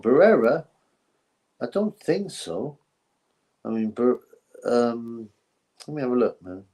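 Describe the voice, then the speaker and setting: A man's voice: medium pitch, darkish tone. A man hosting a casual boxing livestream, rambling and thinking aloud, thanking viewers for donations.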